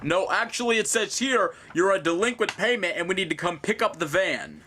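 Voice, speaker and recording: A man speaking as a bill collector on a phone call, calm and formal in tone. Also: sits high, fairly quick, a crowd in the background.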